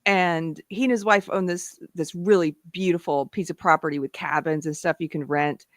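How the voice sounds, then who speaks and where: A woman's voice: lowish voice, fairly even intonation, moderate pace, no room sound, studio quality. A woman from Texas hosting a live online panel, talking casually with many restarts and laughs. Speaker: host.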